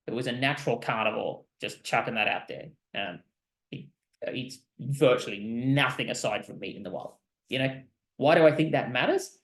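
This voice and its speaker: A man's voice: medium pitch, expressive, normal speed, roomy sound. A man who hosts as a psychologist gives explanatory commentary in a thoughtful, explaining manner, often checking in with the listener. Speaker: psychologist host. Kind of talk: explanatory commentary on a reader post.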